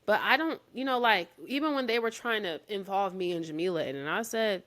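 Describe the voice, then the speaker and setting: A woman in casual podcast chat, expressive and quick with jokes and asides. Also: medium pitch.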